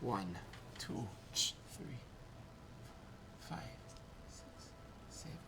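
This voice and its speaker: Playful male stream host, lively pitch. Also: very slow, noisy background. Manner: playful, laughing, mock-Russian broken English. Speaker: show host. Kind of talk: casual drinking chat with a put-on Russian accent.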